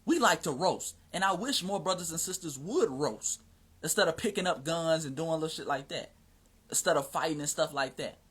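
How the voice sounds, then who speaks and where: A man's voice: a little high, animated, moderate pace, a bit bright, slightly rough. An American man hosting a casual livestream, talking emphatically in slangy speech and often checking in with his listeners. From United States. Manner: emphatic and slangy, often asks "you see what I'm saying". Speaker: livestream host. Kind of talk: casual livestream talk answering questions.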